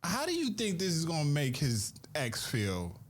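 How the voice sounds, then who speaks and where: A man co-hosting a casual wrestling podcast, animated and quick to laugh, often trailing off and restarting his sentences. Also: fairly high pitch. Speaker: podcast co-host.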